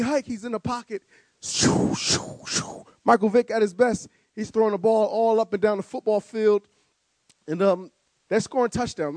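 Male guest speaker from New Jersey, high voice, dry close sound, animated storytelling with stammers. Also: no echo. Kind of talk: storytelling speech.

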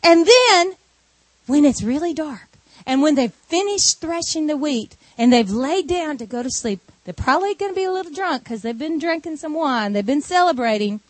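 A woman's voice: sits high, animated, moderate pace, no room sound. A woman preacher voicing an older mother-in-law who gives firm, matter-of-fact instructions. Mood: instructing.

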